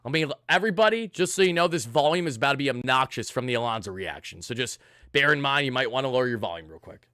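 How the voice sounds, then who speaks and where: A man's voice: mid-range voice, lively intonation, fast, pushed and bright, no room sound, clean studio sound. A man hosting a live postgame stream, hyped and thanking donors one after another. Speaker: sports channel host.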